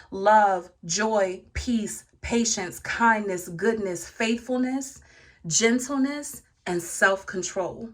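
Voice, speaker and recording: A woman's voice: mid-range voice, steady tone, very slow. Woman preaching casually to her viewers. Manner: preachy, speaks straight to viewers, laughs often; lists virtues in rhythmic runs. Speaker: vlogger. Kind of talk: casual spiritual encouragement talk. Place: indoor room.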